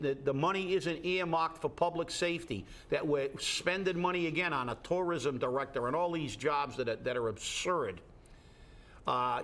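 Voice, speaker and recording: A man's voice: mid-range voice, fairly bright tone. A man with a New England accent giving blunt, emphatic opinions on local politics in a talk show discussion. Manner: blunt, emphatic, repeats words when restarting.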